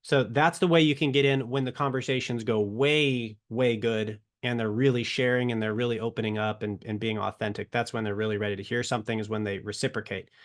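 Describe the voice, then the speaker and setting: Brief: male instructor, mid pitch, earnest and conversational, acts out quick example exchanges. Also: steady tone. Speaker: online course instructor. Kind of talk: casual teaching talk.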